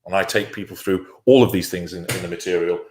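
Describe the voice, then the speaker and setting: A man's voice: low voice, fairly even intonation, quick pace, darkish tone, slight background noise. A man giving a firm, instructive talk on a live stream, asking himself rhetorical questions and answering them. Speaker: guest speaker on narcissistic abuse.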